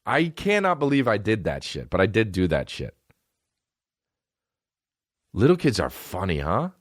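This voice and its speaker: A man's voice: lowish voice, measured pace, dry recording, clean studio sound. A man hosting a podcast, telling rambling, profane childhood stories in a casual comedic monologue. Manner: rambling, profane, animated storytelling. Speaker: podcast host.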